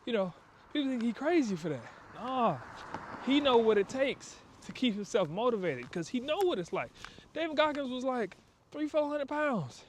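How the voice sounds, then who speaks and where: A man with a fairly high voice gives a motivational pep talk while out walking. He talks in emphatic, preachy bursts full of slang and acts out little asides. Faint outdoor noise hums behind him. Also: very animated, moderate pace. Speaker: vlogger giving a motivational talk. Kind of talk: casual motivational monologue on a walk. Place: outdoors on a walk.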